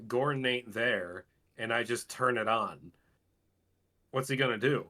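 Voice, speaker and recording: A man with a bright, sharp-edged voice jokes as a podcast guest. He builds silly hypotheticals step by step in a loose, drawn-out way. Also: medium pitch. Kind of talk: casual chat.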